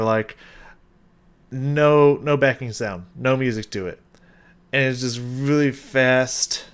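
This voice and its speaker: A man hosting a casual reaction video, excitable, swearing often and laughing between thoughts. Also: medium pitch, takes it slowly, long pauses, clear, resonant tone.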